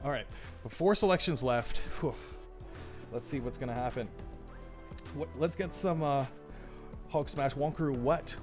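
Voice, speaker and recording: A man hosting a livestream, chatty and excitable, often repeating his phrases as he reads the chat. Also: mid-range voice, moderate pace, long pauses, over music. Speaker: livestream host running a tournament draw. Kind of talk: live-stream commentary reading chat.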